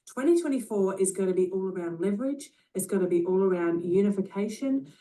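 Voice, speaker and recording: A woman's voice: medium pitch, dark tone, distant mic. A woman with an Australian accent giving an upbeat motivational talk to a sales network, full of punchy slogans. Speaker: network marketing leader.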